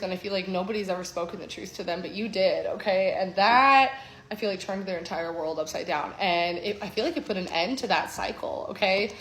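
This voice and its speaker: A woman giving an intuitive tarot reading, with a flowing, reflective delivery that often checks in with "okay?". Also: mid-range voice. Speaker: tarot reader. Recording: echoey room, faint background hum.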